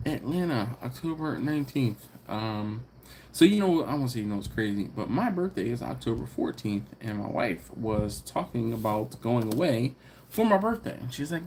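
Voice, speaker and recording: A man's voice: mid-range voice, lively intonation, normal speed, gravelly, a little mellow, a little hiss or hum. A man from Philadelphia hosting a casual livestream, reading viewer comments aloud and laughing often. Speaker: livestream host reading chat. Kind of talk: casual live chat.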